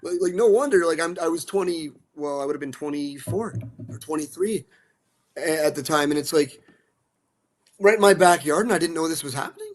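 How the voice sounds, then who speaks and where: A man from central Alberta talking casually as a guest, animated and blunt, swearing now and then, restarting and repeating words. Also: a little high, fairly quick, slight background noise. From central Alberta, Canada. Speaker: guest, musician and dog rescue advocate. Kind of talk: casual storytelling.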